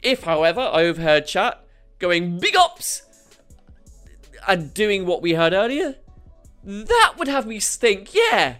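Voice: medium pitch, sing-song, a little slow, a bit bright, faint music behind. A host giving comedic news commentary, sarcastic and mocking, reacting to clips.

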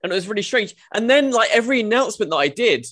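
A man hosts a comedy podcast, putting questions to his guest in a hesitant way full of "kind of" and restarts. His voice is notably high for a man. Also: sing-song, racing, a bit bright. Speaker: podcast host. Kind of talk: casual podcast interview.

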